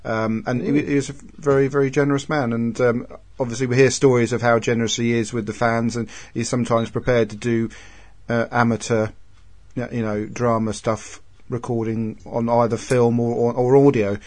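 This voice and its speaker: A man's voice: medium pitch, little pitch movement, moderate pace, darkish tone. A man hosting an interview, eager and enthusiastic and apt to get carried away. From England. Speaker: podcast host. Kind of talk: casual interview chat.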